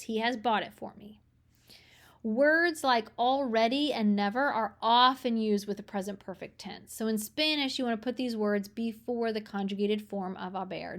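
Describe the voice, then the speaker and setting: Woman teacher, higher voice, unhurried examples. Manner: slows down to read Spanish examples clearly. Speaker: language teacher. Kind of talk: recorded grammar lesson.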